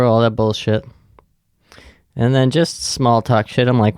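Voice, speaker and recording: A man's voice: fairly low pitch, level tone, measured pace, pauses often, a little mellow, no room sound, clean studio sound. A man hosting a podcast, telling a rambling, sarcastic story full of swearing. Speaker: podcast host. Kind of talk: casual storytelling.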